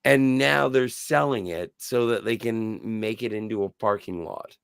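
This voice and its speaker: Slow, gravelly man musing on a podcast. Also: on the low side, no room sound, clean studio sound. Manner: thoughtful, searching for words, fond praise. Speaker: podcast co-host. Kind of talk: casual podcast discussion.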